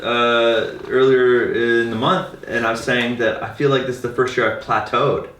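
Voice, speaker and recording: A man telling stories as a guest on a casual podcast, animated and laughing often. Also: medium pitch, normal speed. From Canada. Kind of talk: casual storytelling. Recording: roomy, distant mic with faint background noise.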